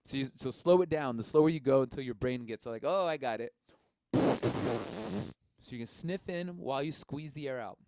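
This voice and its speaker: A man's voice: mid-range voice, normal speed, pauses often, a little mellow. A man casually teaching a live-streamed music lesson, encouraging and explaining each step plainly.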